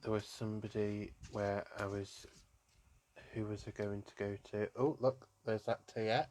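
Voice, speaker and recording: A male psychic medium gives a tarot reading on a live stream, softly and affectionately calling his viewers "my darling." His voice is on the low side, level and unhurried, gently emotional and soft-spoken.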